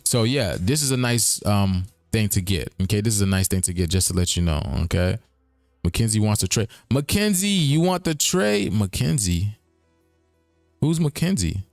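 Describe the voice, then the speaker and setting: A man's voice: on the low side, big pitch swings, normal speed, dry recording, studio quality, faint music behind. A man hosting a casual livestream, talking in a rambling, repetitive way with chuckling asides. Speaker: streaming show host.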